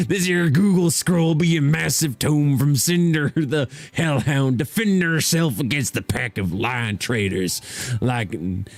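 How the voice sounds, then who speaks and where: A man putting on the voice of a gruff, swaggering male pirate who reads out a scroll in a drawling, theatrical way. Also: a little high, dry recording.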